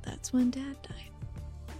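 A woman's voice: extremely slow, soft background music. Woman voicing a hesitant, guilt-ridden young daughter. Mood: wistful. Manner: hesitant, soft-spoken, trailing off. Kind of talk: voicing a character in a tabletop game.

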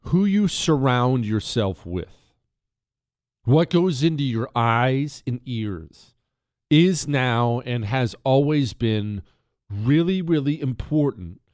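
A man from Texas hosting a radio talk show, speaking in an emphatic, conversational monologue. His pitch moves around a lot as he builds points with rhetorical questions. The studio sound is dry and close. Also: animated, takes it slowly, a little mellow, no echo.

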